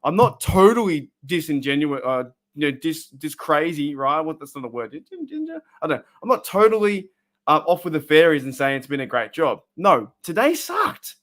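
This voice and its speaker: An Australian man streaming from his room, ranting bluntly about his team, his voice rising loud and dropping to a mutter. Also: a little high, sing-song, moderate pace. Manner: fired-up, blunt, swings between loud and muttered. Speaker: sports fan streamer. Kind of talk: emotional live-stream rant.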